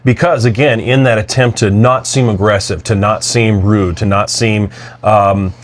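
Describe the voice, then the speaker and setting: Lower-voiced man podcast co-host. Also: steady tone. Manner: thoughtful, slightly halting, agreeable. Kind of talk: casual conversational podcast.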